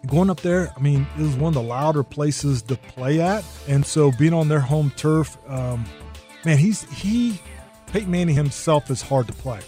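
A man's voice: fairly high pitch, normal speed, dark tone, faint music behind. A man recalling his playing days in an interview, thoughtful with hesitant restarts. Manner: thoughtful, many fillers and restarts. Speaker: former defensive lineman interviewee. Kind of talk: interview recollection.

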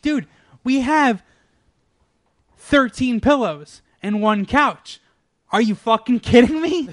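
A man with a notably high voice, talking in a loose, casual chat. He rants in an exasperated way and swears freely. The sound is very dry, with no room echo. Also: expressive, slow, pauses often. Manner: profane, exasperated ranting.

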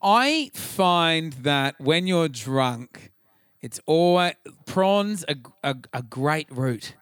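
A man's voice: a little high, expressive, drawn-out words, a bit bright, clear, resonant tone, no room sound, clean studio sound. An Australian man co-hosting a podcast in casual chat, with crude, swearing, joking banter. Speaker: podcast co-host.

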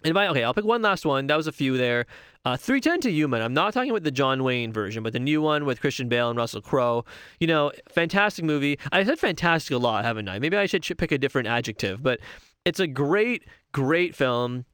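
A man's voice: medium pitch, very animated, fast, a bit bright, clear, resonant tone, no echo, clean studio sound. A young man chatting casually and enthusiastically on his own, rambling and correcting himself as he goes. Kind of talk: casual solo talk about favorite movies.

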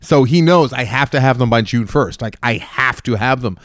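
A man's voice: mid-range voice, normal speed, dry recording, clean studio sound. A man telling a story in casual podcast chat, restarting sentences often and acting out the people in it. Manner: rambling, animated retelling with many restarts. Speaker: podcast host.

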